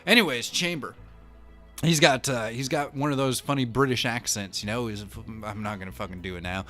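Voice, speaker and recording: A man's voice: mid-range voice, fairly quick, pushed and bright, soft background music. A man hosting a casual comic-book monologue, rambling and swearing heavily as he interrupts himself. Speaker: host.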